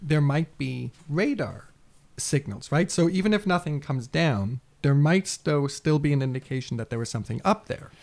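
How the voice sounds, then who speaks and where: A man's voice: fairly high pitch, expressive, normal speed, gravelly, a little mellow. A man co-hosting a history podcast who adds thoughts in a hesitant, restarting way. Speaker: podcast co-host. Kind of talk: casual podcast chat.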